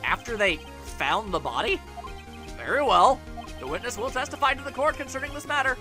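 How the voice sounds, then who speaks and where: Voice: medium pitch, animated, sharp tone, faint music behind. Ein Sprecher spielt einen förmlichen älteren Richter in einem Videospiel, gemessen im Ton. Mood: formal. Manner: formal and measured. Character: stern older male judge.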